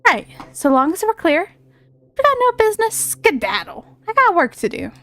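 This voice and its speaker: A woman voicing a bossy, impatient male fairy with brisk, folksy slang in a video game. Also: extremely high pitch, big pitch swings, a bit bright, dry recording, pitched above the performer's own voice, full character voice. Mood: brusque.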